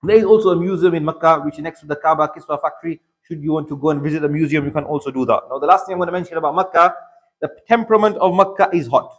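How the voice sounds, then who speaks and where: A man's voice: fairly high pitch, fairly even intonation, rapid-fire, a bit bright. A man with a British English accent teaching a religious workshop in a mosque, earnestly urging his listeners and repeating points for emphasis. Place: mosque hall.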